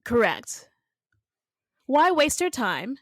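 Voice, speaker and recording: Woman, podcast co-host, high bright voice, dry close sound, chatty. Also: sing-song, dry recording. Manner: chatty, reacts with quick agreements and laughs. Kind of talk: casual pop culture chat.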